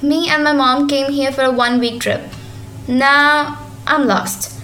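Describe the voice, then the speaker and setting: A woman's voice: high-pitched, fairly even intonation, measured pace, bright, forceful tone. A woman voicing a sassy, defiant teenage girl from the city who speaks in a snippy, sarcastic way.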